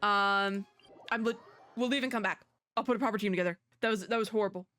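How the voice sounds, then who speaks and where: A young woman doing let's play commentary on a video game, animated and chatty, laughing to herself. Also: medium pitch, fast, dry recording. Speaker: gaming YouTuber.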